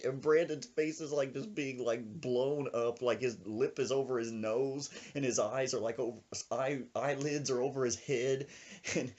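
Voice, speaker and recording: A man hosting a podcast, telling a comic story in an animated way and laughing through it. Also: medium pitch, measured pace, lo-fi sound. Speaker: podcast host.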